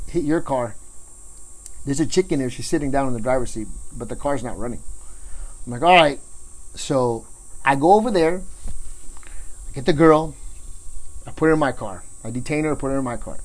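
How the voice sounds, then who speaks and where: Middle-aged male police officer, casual storyteller, profane, animated. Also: medium pitch, rough recording. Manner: profane, animated retelling, acts out others' lines.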